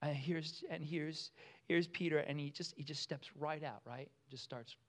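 Animated preacher man. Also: on the high side, normal speed. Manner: animated, acts out quotes with voices, laughs often. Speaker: pastor. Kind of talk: sermon.

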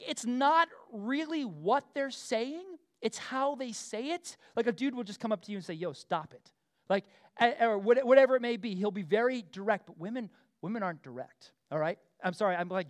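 A middle-aged pastor delivers a casual, animated sermon in a high-sitting voice. He fills it with asides and fillers and keeps tossing quick questions to the room.

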